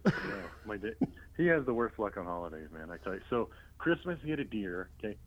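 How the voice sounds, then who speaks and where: A man with a lowish voice tells comic family stories as an interview guest, dry and deadpan, full of "uh" and "you know." The sound is dull and slightly lo-fi. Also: a little fast. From Illinois. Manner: deadpan storyteller with many fillers and restarts. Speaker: comedian guest. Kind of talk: telling comic anecdotes in an interview.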